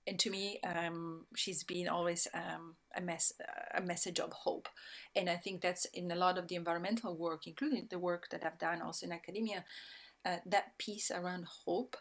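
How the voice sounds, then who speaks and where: A woman with an Italian accent talks in a reflective, searching way, pausing often and circling back to restart her sentences. Her voice sits a little on the low side. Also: steady tone. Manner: reflective, many pauses and restarts. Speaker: guest speaker. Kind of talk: thoughtful conversational talk.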